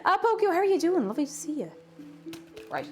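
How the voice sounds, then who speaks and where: A woman streaming from her home kitchen as she bakes, chatting playfully and breaking into little hummed tunes. Her voice sits a bit high and swoops lively up and down, with music playing clearly behind her. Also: fast talker. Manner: chatty, playful, hums and sings to herself. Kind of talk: casual live-stream chat while baking.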